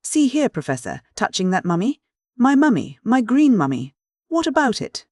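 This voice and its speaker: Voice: mid-range voice, lively intonation, normal speed, darkish tone, no echo, clean studio sound, lightly acted. A narrator voicing a truculent, lean American sea captain who drawls slang with a placid swagger.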